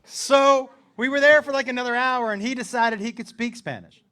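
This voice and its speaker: A man telling a stand-up story, animated and laughing, with big swings in loudness. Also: very high voice, moderate pace. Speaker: stand-up comedian.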